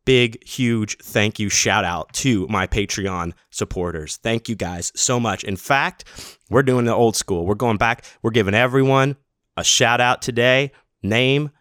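A middle-aged man, a podcast host, giving casual, enthusiastic shout-outs full of slang and bursting louder on names. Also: mid-range voice, a little slow, no room sound, studio quality.

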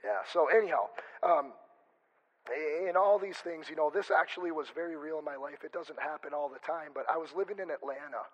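Husky, chatty preaching man. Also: a little high, a little fast, rough recording. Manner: chatty, self-interrupting, joking asides. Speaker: pastor. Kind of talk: conversational sermon.

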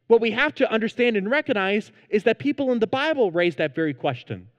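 A man's voice: high-pitched, lively intonation, a little fast, few pauses, in a large hall, dull audio. A man preaching a sermon as pastor, earnest and emphatic, in a church sanctuary.

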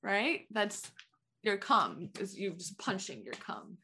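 A woman's voice: medium pitch, big pitch swings, slow, background noise. A woman from Connecticut, co-hosting a casual chat and rambling through jokes with lots of giggling. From Connecticut, USA. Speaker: podcast co-host.

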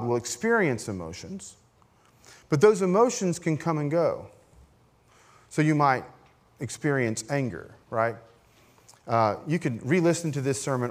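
A middle-aged man preaching as a pastor, in a conversational, self-deprecating way with frequent "right?" asides. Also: medium pitch. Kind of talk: sermon.

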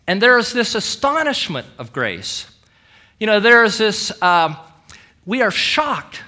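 A man preaching a sermon with emphatic delivery, dramatic pauses and quoted scripture. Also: high voice, bright, forceful tone. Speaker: pastor.

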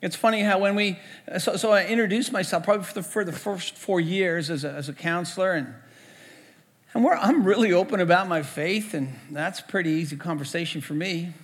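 A man's voice: sits high, fairly quick. A man, a pastor preaching a storytelling sermon in a conversational way, often repeating words as he goes. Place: church sanctuary. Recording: echoey church hall.

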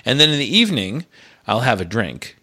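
A man's voice: mid-range voice, big pitch swings, fairly quick, bright, forceful tone, slightly rough. Chatty self-mocking middle-aged man. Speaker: podcast co-host. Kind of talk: casual chat.

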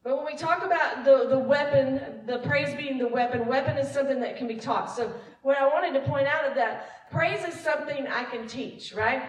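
Her voice sits high as this woman, who leads worship, shares a relaxed testimony with her congregation, poking fun at herself and laughing a lot. She's recorded from a distance in an echoey church sanctuary.

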